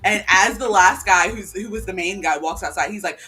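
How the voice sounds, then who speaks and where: A podcast co-host in casual chat, telling stories in an animated way with sarcastic asides. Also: mid-range voice, moderate pace, breathy edge, faint music behind.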